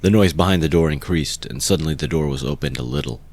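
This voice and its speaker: A man calmly narrating an amateur audiobook reading of a classic novel. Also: extremely low pitch, quick pace, gravelly.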